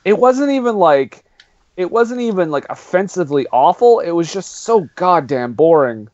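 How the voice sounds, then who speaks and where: A man hosting a casual podcast chat, excitable and laughing often. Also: high-pitched, normal speed, no echo, dull audio. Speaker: podcast host.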